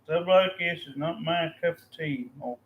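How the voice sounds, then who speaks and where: A man's voice: a little high, measured pace, highs cut off, a little hiss or hum. A weary, fed-up man in a casual, angry rant, swearing constantly as he complains. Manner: angry, profane ranting.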